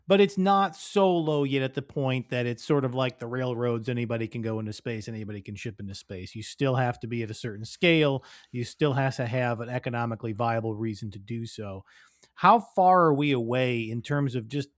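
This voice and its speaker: A man hosting a podcast interview, asking long, measured questions with occasional fillers. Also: mid-range voice, no echo, studio quality. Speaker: podcast host.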